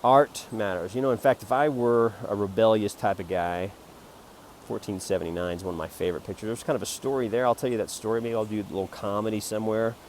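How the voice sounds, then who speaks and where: A man with a somewhat low voice rambles through a jokey, self-promoting pitch for his photo prints. He swings from loud, excited bursts to quiet mutters, and faint vehicle noise hums behind him. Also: quick pace. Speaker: amateur photographer selling prints.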